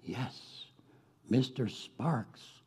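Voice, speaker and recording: A man's voice: medium pitch, lively intonation, very slow, darkish tone, breathy edge, full character voice. A man voicing a prim, sniffy young lady from 1819 who gossips in a disapproving, confiding way.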